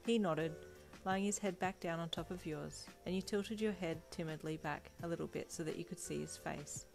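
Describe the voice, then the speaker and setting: Woman, fan fiction narrator, expressive, flustered high dialogue, lowish voice, soft music. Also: fairly quick, vocal fry. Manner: acts out the listener's lines in a high, flustered voice.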